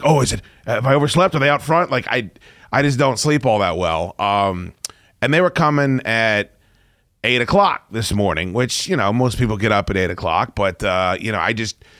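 A man hosting a talk radio show, ranting in a loud, profane way and laughing between lines. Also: on the low side, no echo, clean studio sound.

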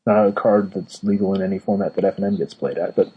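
A man's voice: low-pitched, steady tone, fast talker, muffled recording, slight background noise. A man co-hosting a casual podcast, explaining game rules with many fillers and restarts. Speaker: podcast co-host, card game judge. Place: Northern California.

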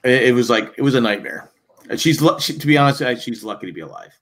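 Older man telling animated stories. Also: mid-range voice, fast. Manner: animated storyteller acting out quotes. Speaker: podcast co-host. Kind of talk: casual chat.

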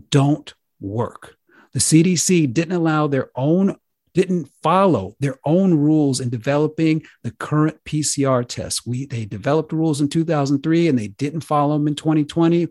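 A man hosting a talk show, speaking earnestly and with drawn-out emphasis. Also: a little high, a little mellow, no echo, studio quality. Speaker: host.

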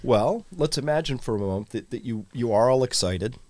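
A man's voice: medium pitch, animated, a little fast, a little mellow, no echo. A man co-hosting a casual talk show, chatting in a conversational way and reading viewer comments aloud. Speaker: podcast co-host. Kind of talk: casual chat with live audience.

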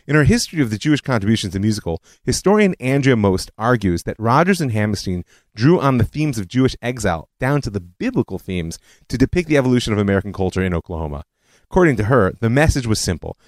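A man hosts a history podcast as a scripted lecture, telling the story with animation and adding personal asides. His mid-range voice moves fast, and the recording is dry.

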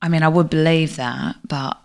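Woman doing a tiger widow, deep low voice, deadpan, crude, comedy podcast character. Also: normal speed, vocal fry. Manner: deadpan, crude trash talk.

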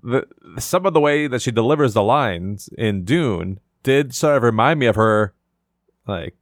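A man's voice: mid-range voice, lively intonation, a little slow, no room sound, studio quality. A man co-hosting a podcast, talking about a movie in a thoughtful, hesitant way and asking questions. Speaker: podcast co-host. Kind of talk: casual film discussion.

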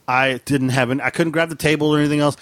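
A man's voice: a little high, fairly even intonation, quick pace, no echo. A middle-aged man telling a funny story in casual chat, laughing often and jumping into raised voices to act out quotes.

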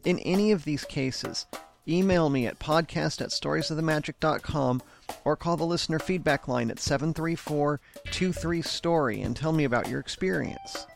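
A man's voice: a little high, normal speed, vocal fry, faint music behind. A man hosting a podcast, reading an upbeat scripted outro with plugs and contact details. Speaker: podcast host.

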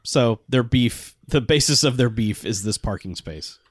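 A man's voice: medium pitch, lively intonation, measured pace, dry recording. A man chatting about a film on a podcast, with a lot of movement in his voice. He laughs often and slips into little impressions of the characters. The sound is dry and close. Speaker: podcast co-host. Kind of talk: casual movie recap chat.

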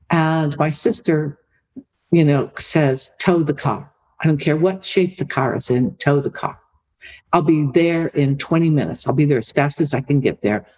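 A middle-aged woman, an author and podcast guest, telling a family story in a lively conversational way. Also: low-pitched, low-quality recording. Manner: lively anecdotal storytelling, repeats for emphasis.

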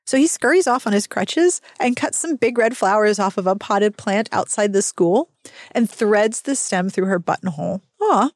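A woman's voice: medium pitch, animated, moderate pace, no echo, clean studio sound. A woman hosting a podcast, recapping a romance novel in a casual way, reading passages aloud and breaking off into snarky, laughing asides. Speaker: podcast host.

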